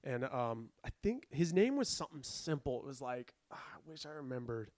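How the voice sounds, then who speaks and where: A man's voice: mid-range voice, moderate pace, dry recording. A man telling a long story in casual chat, acting out the people he quotes. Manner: animated, acts out quotes with raised voice. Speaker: podcast guest telling a story.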